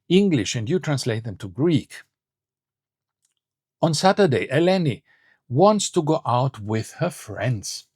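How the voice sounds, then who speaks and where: A man teaching a beginner Greek lesson online, saying model phrases clearly and slowly and setting short quizzes. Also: medium pitch, a little mellow, no echo, studio quality. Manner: clear, slow model phrases with quiz prompts.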